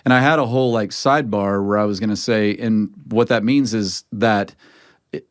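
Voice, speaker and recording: A pastor in a casual podcast conversation, talking earnestly and with emphatic, preaching-style rhythm. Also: male voice, lowish voice, fairly even intonation, moderate pace, smooth, dry recording, clean studio sound.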